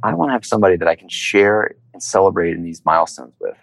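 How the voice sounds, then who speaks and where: A man's voice: deep voice, quick pace, creaky, dry recording, rough recording. A man being interviewed, telling his story in a conversational way and acting out the voices he quotes. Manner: animated storyteller, acts out quotes. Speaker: interview guest, entrepreneur.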